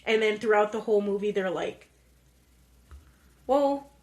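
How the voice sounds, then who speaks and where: A woman's voice: medium pitch, level tone, quick pace. A woman co-hosting a podcast, chatting casually about a film and acting out the characters' lines as she retells it. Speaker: podcast co-host. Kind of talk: casual chat recapping a film.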